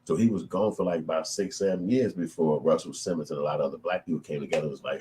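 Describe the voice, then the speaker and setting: Deep-voiced man ranting casually. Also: fast talker, a little hiss or hum. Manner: profane, animated storytelling. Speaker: channel host. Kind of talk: casual commentary.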